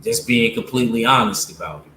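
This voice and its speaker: A man's voice: medium pitch, fast talker, pushed and bright, roomy sound, a little hiss or hum. A man giving blunt, opinionated boxing commentary to his viewers, casual and slangy, with lots of fillers. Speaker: streamer talking boxing with viewers.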